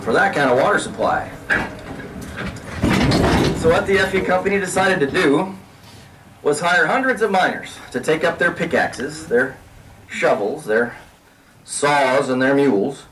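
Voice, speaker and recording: A man working as a tour guide, explaining mining history to a group outdoors with emphatic, drawn-out storytelling. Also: fairly high pitch, animated. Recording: distant outdoor mic with faint noise.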